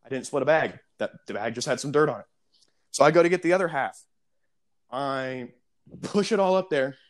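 A young man casually telling a story on a podcast, animated, acting out the people in it. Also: mid-range voice, fairly quick. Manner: animated storyteller, mimics customers.

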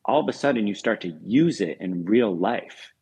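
Calm young guy guiding breathwork, low gravelly husky voice, slow measured counting. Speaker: podcast co-host. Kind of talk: calm guided breathing instruction.

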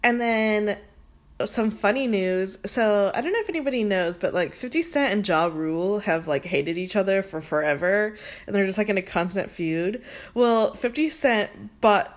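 Chatty young woman podcaster. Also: medium pitch. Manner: fast, chatty, says "like" a lot, swears freely. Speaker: podcast host. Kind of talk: casual chat.

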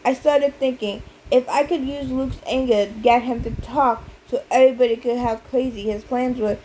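A woman narrating a storybook in a steady, even manner. Her voice is slightly high and mellow, with faint background noise in the recording. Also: moderate pace, low-quality recording. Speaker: audiobook narrator. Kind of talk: scripted narration.

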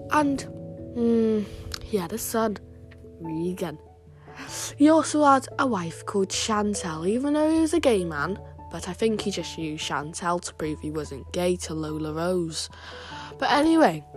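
A woman voicing a gossiping, crude old grandmother, telling rambling comic stories full of swearing. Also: a little high. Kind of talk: comic storytelling monologue.

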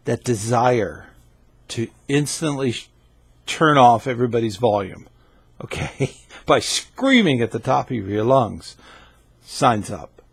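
A man's voice: mid-range voice, gravelly, slightly rough, no room sound. A man who leads in scouting, giving an instructional video talk in a conversational way and often checking in with the viewer. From United States. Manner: conversational, keeps checking in with "okay?". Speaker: scouting leader and channel host.

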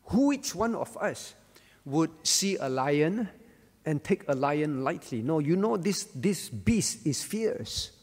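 A man's voice: on the high side, big pitch swings, slow pace, a little mellow, long reverb tail. A male pastor leading an interactive Bible study, asking questions, calling on listeners by name and repeating key words.

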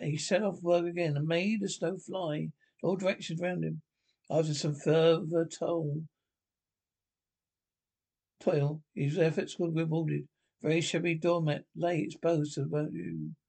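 A man reading a classic children's novel aloud, haltingly, often restarting words. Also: a little high, flat delivery, gravelly, darkish tone. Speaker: storybook reader.

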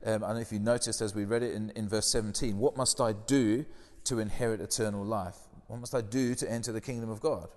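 A man's voice: fairly low pitch, steady tone, quick pace, darkish tone, long reverb tail. A man preaching a conversational sermon, often putting questions to his listeners.

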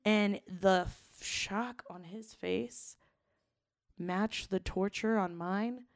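A woman's voice: mid-range voice, slow, no room sound, clean studio sound. Profane young woman telling a story. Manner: blunt, profane, animated retelling. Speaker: podcast co-host. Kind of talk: casual comedic storytelling.

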